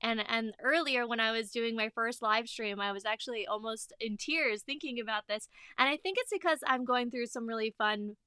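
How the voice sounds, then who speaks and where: A woman's voice: on the high side, moderate pace, hardly any pauses, clean tone, dry recording, studio quality. A woman hosting a business interview, speaking in an encouraging, heartfelt way. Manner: warm, emotional, encouraging. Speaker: host.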